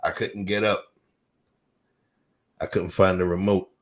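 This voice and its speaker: A man with a very low voice hosts a relaxed chat. He tells stories in a loose, lively way. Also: unhurried. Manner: loose, animated storyteller. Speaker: host. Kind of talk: casual chat.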